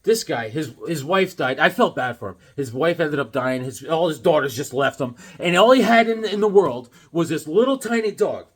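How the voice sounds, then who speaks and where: A middle-aged man chatting casually as he shows off his comic books, telling stories in a lively way and laughing often. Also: a little high, moderate pace, few pauses, slightly rough. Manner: animated storyteller, laughs often, acts out voices. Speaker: comic book collector vlogger. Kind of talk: casual chat showing comics.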